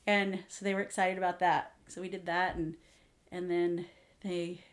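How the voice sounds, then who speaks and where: A woman's voice: fairly low pitch, normal speed. A woman in her forties chatting casually as a co-host, telling stories and acting out her children's voices. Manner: animated storyteller, acts out her kids' voices. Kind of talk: casual chat.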